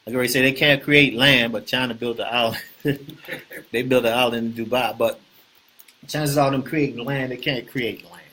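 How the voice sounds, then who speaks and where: A man hosting a casual real estate talk, animated and preachy, often repeating himself and asking the viewers questions. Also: mid-range voice, normal speed, slightly rough. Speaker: host.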